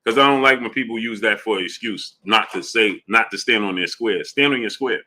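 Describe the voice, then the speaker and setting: Man with a bright voice greeting live-stream viewers. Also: on the low side, brisk. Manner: loose, repetitive shout-outs in a friendly drawl, slips into slang. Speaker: host of a live boxing talk stream. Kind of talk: casual live-stream chat, reading out viewer names.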